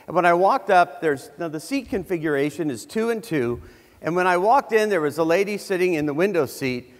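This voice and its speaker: Lively high-voiced man telling comic stories. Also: brisk. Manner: comic, conversational delivery with many restarts. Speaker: keynote speaker. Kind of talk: humorous keynote storytelling. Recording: reverberant hall.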